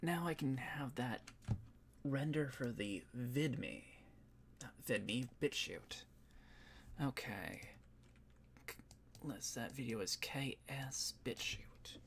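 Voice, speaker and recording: A man who voice acts, chatting casually on a stream, rambling with fillers and soft laughs, a bit tired and yawning. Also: medium pitch, takes it slowly, long pauses, slight background noise. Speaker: voice actor and streamer.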